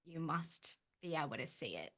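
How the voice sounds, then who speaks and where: A woman hosts a casual chat and explains ideas to her guest in an encouraging way. Her voice sits on the low side. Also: big pitch swings, moderate pace, a bit bright. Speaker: host.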